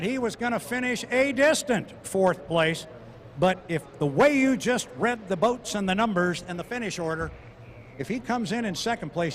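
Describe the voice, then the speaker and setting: Folksy high-voiced race co-announcer, a man. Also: slight background noise. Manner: folksy, joking, conversational. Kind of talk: live race commentary. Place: outdoors at a lakeside race course.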